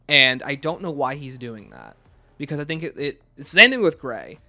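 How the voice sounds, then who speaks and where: A man's voice: a little high, very animated, brisk, bright, forceful tone. A man giving an unscripted video game review in a casual, rambling way, often restarting his sentences.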